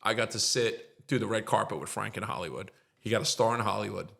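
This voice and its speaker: A middle-aged man with a gravelly, low voice tells his story on a podcast. He talks earnestly, circles back on his words and sometimes gets choked up. The fry in his voice stays low and steady. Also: fast. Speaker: podcast guest. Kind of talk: emotional storytelling in conversation.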